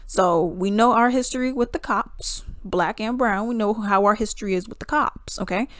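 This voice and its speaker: A woman giving casual, blunt commentary, animated and acting out what others said. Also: mid-range voice, moderate pace, dry recording, studio quality. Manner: blunt, animated, acts out quotes in voices.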